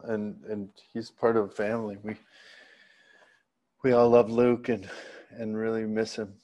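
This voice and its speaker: A man as a guest in a casual interview, reflective and halting, often restarting his sentences. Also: lowish voice, level tone, dark tone, dull audio.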